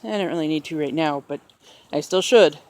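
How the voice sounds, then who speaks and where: A woman's voice: deep voice, a little fast, darkish tone. A woman walking outdoors with a handheld camera, chatting in a sing-song pet voice to her parrot. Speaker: vlogger. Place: outdoors on a street in the rain. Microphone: handheld camera while walking.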